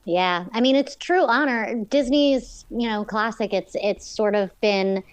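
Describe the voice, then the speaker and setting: A woman's voice: a little high, unhurried, smooth. A woman voice actress, a guest in an interview, talking in a bubbly, giggly way full of "like" and "um".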